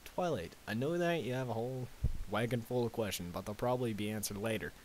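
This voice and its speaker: A man's voice: mid-range voice, quick pace, lightly acted. Guy doing southern drawl farm pony lady, chill and practical, slight hiss. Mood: folksy. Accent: American Southern (put on). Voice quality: folksy, drawling. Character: country farm pony mare, practical and calm. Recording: faint tape hiss.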